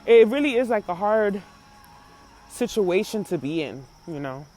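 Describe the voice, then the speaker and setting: Casual woman host; rambling commentary, heavy fillers, mid pitch. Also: lively intonation, a little slow, mellow, faint music behind. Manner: rambling, many fillers, acts out quotes.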